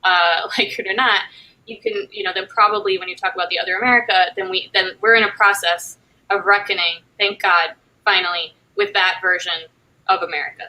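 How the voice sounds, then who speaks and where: A woman's voice: mid-range voice, steady tone, a little fast, sharp tone, low-quality recording. A woman moderating a casual panel conversation, thinking aloud with loose phrasing and frequent fillers.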